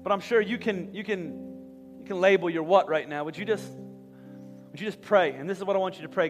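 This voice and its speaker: A man's voice: high voice, a little fast. A man preaching a sermon as pastor, leading the congregation in prayer with impassioned, rising intensity. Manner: impassioned preacher, rising to loud fervent peaks. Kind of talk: sermon with altar call prayer. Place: large church auditorium. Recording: long hall reverb with soft guitar behind.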